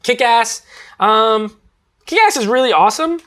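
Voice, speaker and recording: A man's voice: very high voice, lively intonation, measured pace, fairly bright tone. A man reviewing movies in a casual, rambling chat, full of fillers and restarts.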